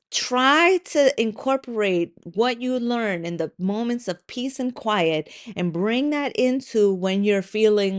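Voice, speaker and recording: A woman's voice: medium pitch, clean tone. A woman hosts her own podcast in a loose, conversational way. She tells a story with plenty of "like" and "um," swears now and then, and slips into little voiced asides. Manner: conversational, with frequent likes and ums. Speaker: podcast host and coach. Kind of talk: casual solo podcast talk.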